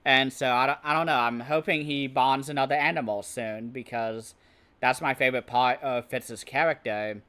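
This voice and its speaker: A man's voice: medium pitch, steady tone, moderate pace, bright, forceful tone, smooth. A man giving a casual, rambling spoken book review, often hesitating and restarting his sentences. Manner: hesitant, rambling, many restarts and "I don't know".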